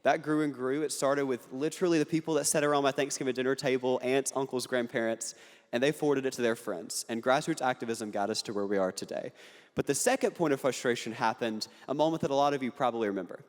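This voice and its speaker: A man's voice: medium pitch, quick pace. Earnest young man speaking in a big hall. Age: young adult. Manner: earnest, punchy delivery with jokes. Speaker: political speaker. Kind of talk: speech to an audience. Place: large hall on a university campus. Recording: hall reverb.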